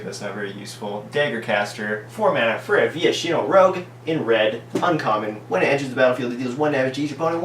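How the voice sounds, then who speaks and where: A man reading trading card text aloud and lavishing tongue-in-cheek praise on each card. He speaks at an ordinary middle pitch, set back from the microphone. The room is echoey, with a faint hum underneath. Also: fairly bright tone, distant mic. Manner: mock-enthusiastic, ironic over-praise of every card. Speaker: card game reviewer.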